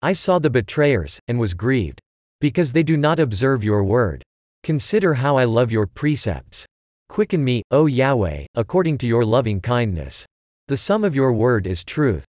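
A man giving a measured, steady reading of scripture aloud. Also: mid-range voice, no echo, clean studio sound. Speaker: scripture reader.

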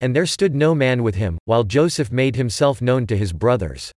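A man giving a steady, measured scripted reading of a Bible chapter. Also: mid-range voice, no room sound, clean studio sound. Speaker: scripture reader.

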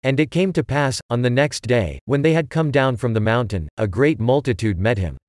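A man giving a measured, even reading of scripture. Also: medium pitch, no echo, studio quality. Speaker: scripture reader.

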